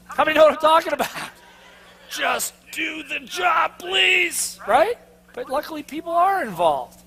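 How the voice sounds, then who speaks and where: A man in a live sales seminar, a trainer who keeps throwing quick questions at his audience and making them answer back. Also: very high voice. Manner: energetic, call-and-response questions to the crowd; drops to a mocking tone for the inner doubting voice.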